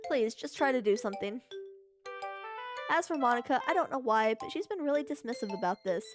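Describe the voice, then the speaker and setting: A woman reading as a worried, blunt young girl. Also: high-pitched. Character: worried, blunt young female club member.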